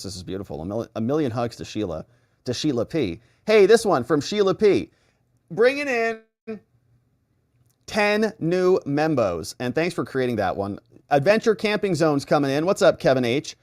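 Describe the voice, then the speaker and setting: A middle-aged man from the United States hosting a live political stream, chatting casually and reading viewer comments aloud in an animated way. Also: fairly high pitch, no room sound, clean studio sound. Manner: animated, chatty, acts out little exchanges.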